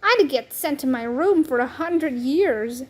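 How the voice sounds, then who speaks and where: A woman's voice: sits high, expressive, unhurried. A woman voicing a chatty, wide-eyed young schoolboy in a storybook read-aloud.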